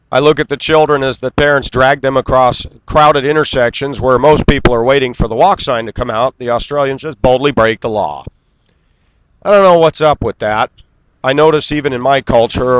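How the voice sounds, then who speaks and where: A man's voice: mid-range voice, clean tone, low-quality recording. An American man ranting bluntly and scornfully in a vlog monologue, speaking outdoors on a city street. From United States. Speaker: vlogger.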